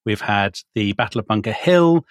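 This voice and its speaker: A man hosting a history podcast, talking briskly with wry, hedging asides. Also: fairly low pitch, lively intonation, no echo, studio quality. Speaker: podcast host.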